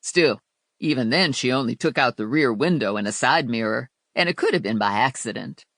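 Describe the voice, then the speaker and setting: A woman's voice: extremely low pitch, expressive, normal speed, fairly bright tone, no room sound, studio quality, full character voice. Narrator doing a sassy, blunt sidekick woman. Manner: sassy, slangy, outspoken. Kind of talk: audiobook character voice.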